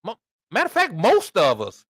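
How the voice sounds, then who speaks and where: A man hosting a podcast, reading scripture aloud and preaching in an animated, conversational way with asides to his listeners. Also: high-pitched, normal speed, no echo, clean studio sound. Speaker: podcast host and Bible teacher.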